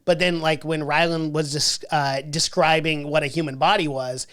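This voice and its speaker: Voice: mid-range voice, steady tone, moderate pace, a bit bright. A host of a book podcast in casual chat, rambling, often restarting and correcting themselves, laughing along.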